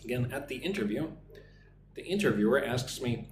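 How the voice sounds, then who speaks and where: A man from the United States teaching an English lesson on a live stream, speaking slowly and clearly for learners. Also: mid-range voice, big pitch swings, reverberant, background noise. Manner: slow, clear drill phrasing for learners.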